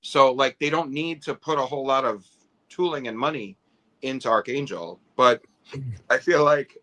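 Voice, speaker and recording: Forceful, bright-voiced man talking toys. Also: mid-range voice, moderate pace. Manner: detailed, opinionated breakdowns of figure sculpts. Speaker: toy collecting livestream co-host. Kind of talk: casual chat.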